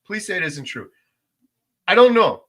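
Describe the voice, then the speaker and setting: A man's voice: sits high, big pitch swings, moderate pace. A middle-aged man hosting a casual livestream, reading out viewer comments and making his points with emphasis. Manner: emphatic, gets loud when making a point. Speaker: livestream host.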